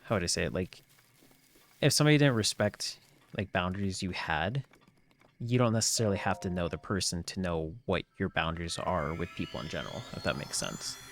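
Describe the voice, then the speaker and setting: A man's voice: deep voice, expressive, fairly quick. A man chatting on a live gameplay stream, rambling with lots of filler words and frequent laughs. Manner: laughs often.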